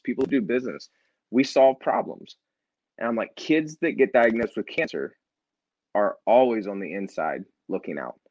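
Speaking as an interview guest, a nonprofit founder tells a personal story conversationally, bringing quoted dialogue to life with lively energy. His voice sits on the low side, and the muffled recording has no room sound.

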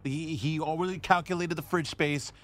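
A man's voice: on the high side, fairly even intonation, moderate pace, fairly bright tone. A man working as producer and co-host on a sports talk radio show, bantering with wisecracks.

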